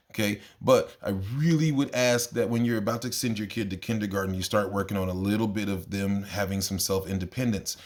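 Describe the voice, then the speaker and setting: A man who teaches kindergarten, telling funny stories from his class in a casual, exasperated, animated way and jumping up in pitch when he quotes himself. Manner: animated, exasperated, jumps into high voices when quoting himself. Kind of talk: casual storytelling monologue.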